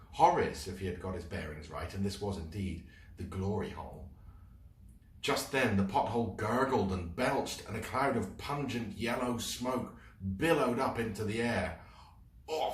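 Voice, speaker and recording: A man reading a children's book aloud in an expressive storytelling voice. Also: fairly low pitch. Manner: expressive, slow read-aloud. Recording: roomy room, mic at a distance.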